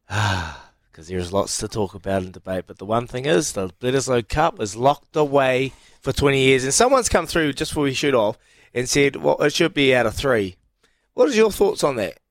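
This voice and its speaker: A man's voice: medium pitch, dry recording. A New man hosting a sports radio show, emphatic and drawing out his words with restarts. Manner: emphatic, drawn-out, halting restarts. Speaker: radio host.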